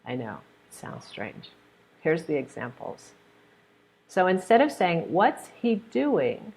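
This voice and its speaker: An American woman leads a pronunciation webinar in a lowish voice with a gravelly edge. She takes her time and models each phrase deliberately, cheering her learners on. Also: big pitch swings, a little mellow. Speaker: pronunciation teacher. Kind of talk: online webinar lesson.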